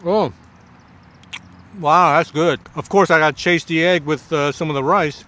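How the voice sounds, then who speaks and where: Male food vlogger, slightly high-pitched, effusive tasting reactions, halting casual delivery. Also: steady tone, a bit bright. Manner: effusive, many drawn-out exclamations while tasting; halting restarts between bites. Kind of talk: casual food review to camera.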